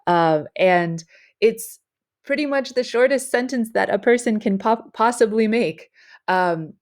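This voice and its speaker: Woman teacher, lower voice, measured and explanatory, with frequent fillers. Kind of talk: recorded writing lesson.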